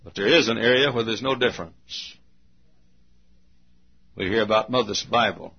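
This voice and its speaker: A man preaching a sermon in a church, folksy, swinging from low asides to shouts. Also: moderate pace, creaky, breathy edge. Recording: muffled lo-fi recording.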